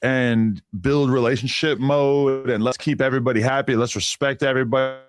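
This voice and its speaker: A man's voice: mid-range voice, steady tone, fairly quick. A man hosting a podcast in casual chat, defending his past remarks with long, careful explanations. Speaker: podcast host. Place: studio in California.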